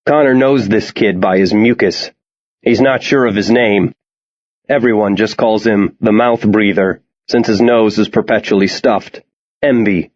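Male audiobook narrator, low voice, steady tension, lo-fi sound. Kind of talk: scripted narration.

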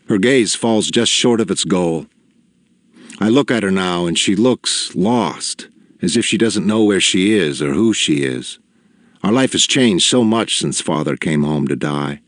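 A man reads a novel aloud in a measured, deliberate way, letting each line land with quiet gravity. His voice sits very low and full, and the recording is close and dry with no room sound. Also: no room sound. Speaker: audiobook narrator. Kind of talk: scripted narration.

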